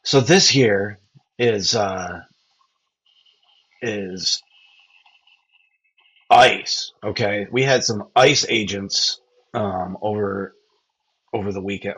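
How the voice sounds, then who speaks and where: A bright, forceful male voice with a husky edge, hosting a podcast. He talks bluntly and rambles, with hesitations and the odd swear word as he reacts to clips. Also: lowish voice, poor audio. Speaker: podcast host. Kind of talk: casual political commentary.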